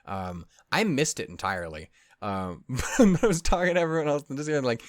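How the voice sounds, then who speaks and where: An anime reaction host with a medium-pitched, expressive voice talks briskly to his viewers in a loose wrap-up, self-deprecating and full of swearing. He drifts off topic and loses his thread often, recorded in clean studio sound with no echo.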